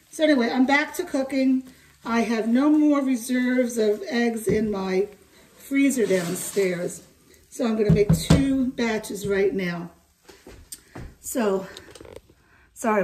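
An older woman chatting to camera in her home kitchen, rambling and lively as she cooks. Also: fairly high pitch, far from the mic, slight background noise. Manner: chatty, rambling, talks to camera while cooking. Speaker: home cook vlogger. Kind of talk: casual cooking vlog.

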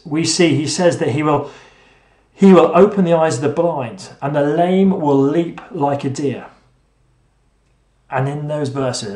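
A male preacher giving a sermon, asking rhetorical questions and repeating phrases, at times emphatic and at times hushed. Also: medium pitch. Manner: swings between emphatic and hushed delivery. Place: church hall. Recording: echoey room.

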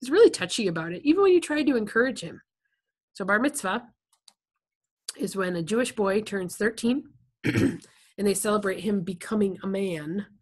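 A woman's voice: mid-range voice, expressive, moderate pace, long pauses, husky. A woman reading a novel aloud to listeners, stopping now and then to explain things in a chatty, plain way. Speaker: reader.

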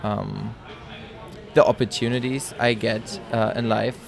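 A man's voice: lowish voice, steady tone, a little slow, vocal fry. Hesitant young man. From East Germany. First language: German. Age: young adult. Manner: hesitant, many fillers. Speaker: guest. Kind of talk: casual interview answers.

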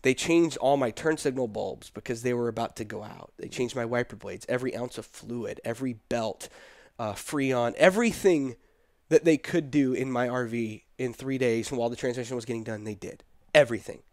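A middle-aged man telling a personal story in casual conversation, animated and quoting the people in it. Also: mid-range voice, moderate pace, dry recording, clean studio sound. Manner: animated, quotes people in his story, laughs between. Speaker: guest telling his story.

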